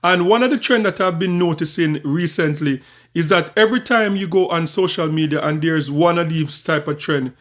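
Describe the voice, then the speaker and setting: A man hosting a commentary channel, talking in a measured, conversational way with small repeats and restarts. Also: fairly high pitch, fairly bright tone.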